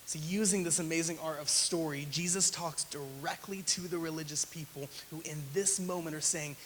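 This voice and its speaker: A man's voice: fairly high pitch, steady tone, moderate pace, hardly any pauses, fairly bright tone, big-room sound, a little hiss or hum, poor audio. A man preaching a sermon, retelling a scripture story with emphatic, acted-out quotes. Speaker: pastor. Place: church sanctuary.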